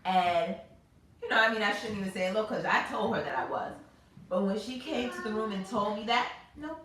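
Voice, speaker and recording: A woman in her thirties, hosting a casual chat and telling stories in an animated, expressive way. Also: mid-range voice, a little fast, background noise. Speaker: host. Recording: echoey room, mic far off.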